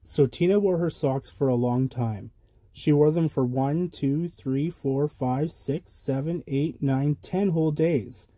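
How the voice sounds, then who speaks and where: A man reading a children's picture book aloud with a lively, rhythmic delivery of sound words. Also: a little high, unhurried, dry recording. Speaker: storybook reader. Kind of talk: children's storybook read-aloud.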